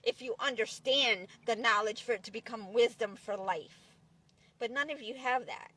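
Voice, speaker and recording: A woman's voice: a little high, normal speed, bright, forceful tone. A woman vlogging in a car, delivering a profane, preachy angry rant with many restarts. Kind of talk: angry ranting monologue.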